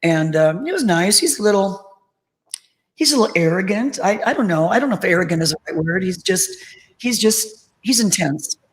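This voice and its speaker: A middle-aged woman, a tribute band singer, chatting as an interview guest and telling lively anecdotes full of acted-out quotes. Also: medium pitch, normal speed, poor audio. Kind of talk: casual interview storytelling.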